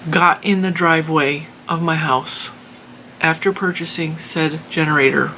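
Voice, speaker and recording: Woman, middle-aged, bright tone, casual storytelling, animated and exasperated, faint background hiss. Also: deep voice, measured pace. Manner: animated, exasperated retelling with laughs. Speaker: crafting channel host.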